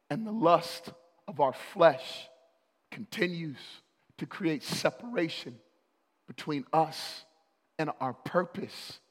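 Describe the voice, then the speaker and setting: A high-voiced man delivering a sermon from the pulpit, unhurried and deliberate, building to loud, urgent stretches of emphasis. His voice rings out in a long, echoing church hall. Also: husky. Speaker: pastor.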